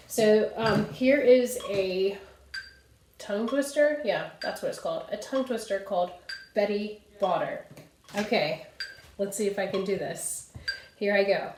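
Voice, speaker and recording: A young woman coaching a vocal warm-up in a chatty, self-amused way, with breathy sighs and crisp tongue twisters. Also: medium pitch, a little hiss or hum. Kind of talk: casual vocal warm-up lesson. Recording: roomy echo.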